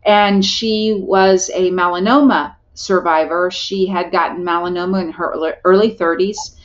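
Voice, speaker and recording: A woman's voice: on the low side, fairly even intonation, normal speed. Earnest middle-aged woman, muffled audio. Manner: earnest and heartfelt, with frequent restarts. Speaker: podcast guest. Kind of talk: personal storytelling in a podcast interview.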